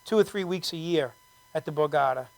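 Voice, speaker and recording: A man's voice: fairly high pitch, a little fast, gravelly, a little mellow, no room sound. A man guesting on a talk show, telling stories in a chatty, rambling way and fumbling for names. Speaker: guest comedian. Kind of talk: interview chat.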